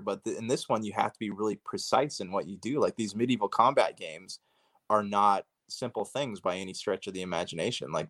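A man's voice: fairly low pitch, no room sound, studio quality. A man co-hosting a podcast in loose, casual chat, peppered with fillers. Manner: loose, filler-heavy, talks with "like". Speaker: podcast co-host.

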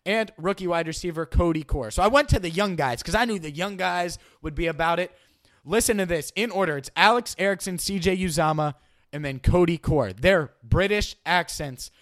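A man's voice: high voice, normal speed, a bit bright. Chatty man hosting a sports podcast. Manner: chatty, self-deprecating, stumbles and repeats words. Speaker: podcast host. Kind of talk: casual sports podcast talk.

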